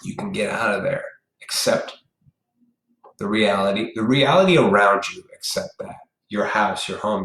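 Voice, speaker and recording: A man's voice: on the low side, fairly bright tone, reverberant, poor audio. A man hosting a live stream, delivering a blunt, profane, preachy ranting monologue.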